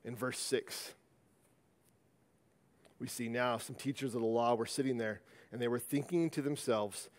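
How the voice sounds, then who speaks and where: The pastor's mid-range voice stays fairly even in intonation as he preaches at a measured pace, leaving long pauses. His conversational sermon in the church sanctuary keeps restarting and repeating words, and the audio has a long church-hall reverb.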